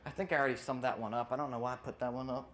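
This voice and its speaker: A stand-up comedian works through a routine in a voice of middling pitch. The delivery wanders, trails off and doubles back on itself. A faint hiss of noise sits under the voice. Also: steady tone, rapid-fire. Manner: rambling, loses place and self-interrupts.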